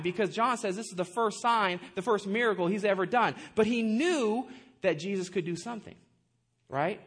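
A high-pitched man preaching in a lively, talky way, often turning to the congregation with quick asides and rhetorical questions. He has a light, raised voice for a man. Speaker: pastor. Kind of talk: sermon.

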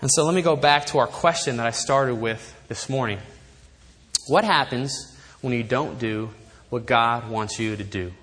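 A man preaching a sermon in a church, emphatic and animated, with wry asides. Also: mid-range voice. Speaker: pastor. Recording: long reverb of a large hall.

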